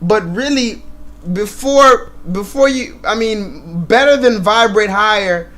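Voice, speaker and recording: A man's voice: high-pitched, slow, fairly bright tone. A man hosting a live stream, ranting and swearing in loose commentary, repeating himself and laughing often.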